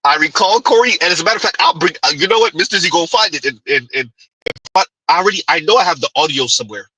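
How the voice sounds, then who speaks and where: A man's voice: a little high, animated, fast, sharp tone, husky, no room sound, poor audio. A man hosting a commentary show, riffing in a rambling, repetitive way. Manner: rambling, repeating himself, chuckling asides. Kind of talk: casual commentary.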